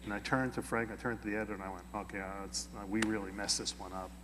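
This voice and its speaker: A man being interviewed, telling an anecdote in a lively way and acting out the quoted dialogue. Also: fairly low pitch, quick pace, big-room sound, background noise. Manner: animated, acts out quoted dialogue. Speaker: interview guest. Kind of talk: anecdotal storytelling.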